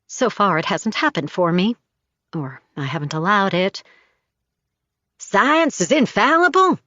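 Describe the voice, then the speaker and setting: A woman narrating a first-person audiobook in an intimate, steady storytelling voice, on a slightly dull recording. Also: lowish voice, normal speed, no room sound.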